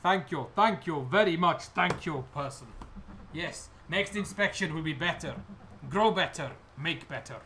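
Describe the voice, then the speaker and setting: A man's voice: fairly high pitch, measured pace, background noise, natural voice. A man voicing a groveling male goblin winemaker who pleads in broken grammar. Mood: grateful.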